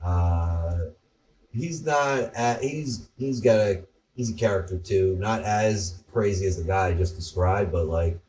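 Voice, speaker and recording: A man's voice: low voice, measured pace, a little mellow, distant mic. A man co-hosting a casual podcast, telling rambling stories with some profanity. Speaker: podcast co-host. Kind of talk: casual chat.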